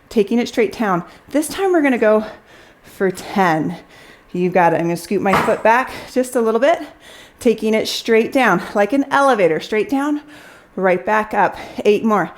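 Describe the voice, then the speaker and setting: Breathy, encouraging woman counting reps. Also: fairly high pitch, lively intonation, moderate pace, slight background noise. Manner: encouraging counting coach, audibly working out alongside. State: slightly out of breath. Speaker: pilates instructor. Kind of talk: workout class instruction.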